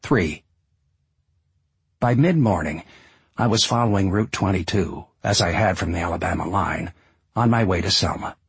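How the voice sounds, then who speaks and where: A man narrating an audiobook in a measured, descriptive way. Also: sits low, expressive, husky, no room sound.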